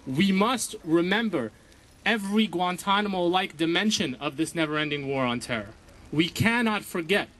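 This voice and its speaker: A lawyer giving a protest speech outdoors, a man who speaks in measured, repetitive rhetorical lines. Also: on the high side, fairly bright tone.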